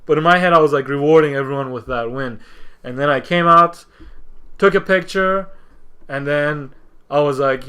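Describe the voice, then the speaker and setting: A man talking as a podcast guest, telling a story casually, halting and restarting often, and acting out what others said. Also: fairly high pitch, smooth. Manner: halting, with many restarts and repeated words; animated, acts out what others said.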